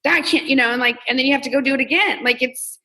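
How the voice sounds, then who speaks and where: A woman's voice: high voice, racing, low-quality recording. A woman from Texas, a comedian and coach talking candidly as an interview guest and acting out her own self-talk. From Texas, US South. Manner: candid, animated, acts out quoted self-talk. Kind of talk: casual interview conversation.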